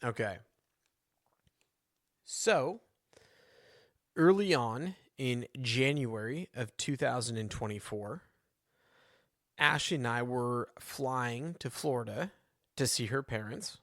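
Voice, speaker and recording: A man co-hosting a podcast in casual chat, relaxed and teasing. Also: mid-range voice, slow, pauses often, dry recording, studio quality. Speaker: podcast co-host.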